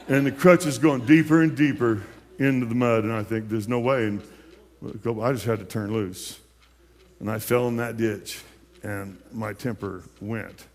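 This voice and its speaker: A man in his late fifties, a pastor giving his personal testimony in a sermon, telling it in a folksy way with many restarts and repeated words. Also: mid-range voice. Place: church sanctuary. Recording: long church hall reverb.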